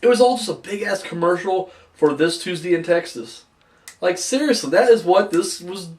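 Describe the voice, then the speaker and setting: A man's voice: high voice, lively intonation, moderate pace. Rambling man, a little far from the mic. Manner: rambling, frank, swears freely, many fillers. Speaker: wrestling reviewer. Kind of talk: casual spoken review.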